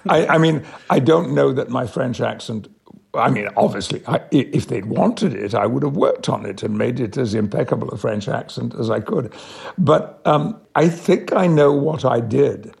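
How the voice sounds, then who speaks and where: An older man with an English accent, an actor answering interview questions in a measured, emphatic way. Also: mid-range voice, animated, creaky, breathy edge. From England. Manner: measured, warmly emphatic, slows on key words. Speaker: guest, actor.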